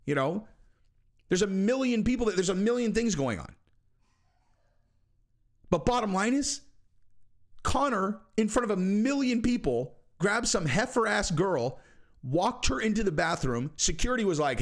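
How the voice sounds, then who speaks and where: A man ranting on his own commentary channel, blunt and exasperated. His voice sits somewhat high for a man. He keeps hammering the same rhetorical questions and sometimes jumps up to a shout. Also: sing-song, normal speed, long pauses. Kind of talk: animated commentary rant.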